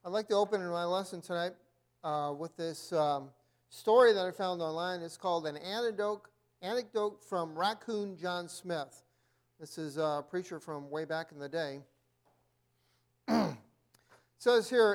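High-voiced male Bible class teacher who often clears his throat. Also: unhurried. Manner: frequent throat clearing, reads aloud from notes. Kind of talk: church Bible lesson.

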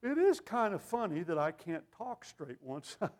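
An older man preaching a sermon with an animated, self-deprecating sense of humor, often laughing at himself. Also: high voice, moderate pace. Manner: lively, animated delivery.

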